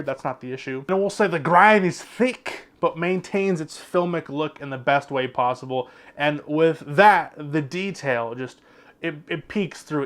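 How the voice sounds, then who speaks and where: A man giving an enthusiastic, casual spoken review of a home video release. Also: on the high side. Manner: enthusiastic, lively, gushing about details.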